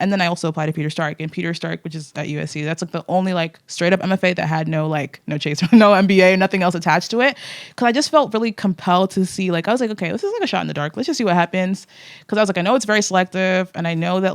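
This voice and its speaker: Young woman guest rambling casually, lots of "like"s, smooth clear voice, dry close sound. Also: lowish voice, dry recording. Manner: chatty, filler-heavy, lively. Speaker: podcast guest. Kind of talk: casual interview chat.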